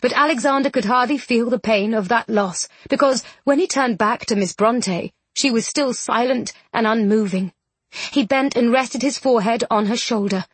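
A woman narrating a novel in an expressive, dramatic audiobook reading. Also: fairly high pitch, normal speed, husky, no echo.

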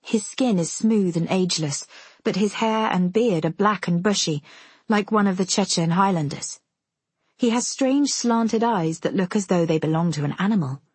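A woman reading a first-person story aloud with measured, intimate storytelling. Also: medium pitch, a little mellow, breathy edge, no echo. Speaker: audiobook narrator. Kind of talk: first-person audiobook narration.

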